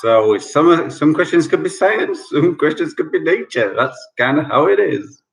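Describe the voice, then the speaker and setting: This man's voice is a little high and creaky, unhurried, with lively intonation. He's a quiz host running an online quiz from home during lockdown over a video call, repeating each clue several times and chatting and joking through the answers.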